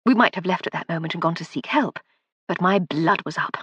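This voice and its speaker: Woman doing a cool-headed titled lady, crisp, aristocratic, a touch husky. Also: lowish voice, fairly quick, fairly bright tone, no echo, muffled recording. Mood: grim. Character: composed upper-class English lady, sharp-witted.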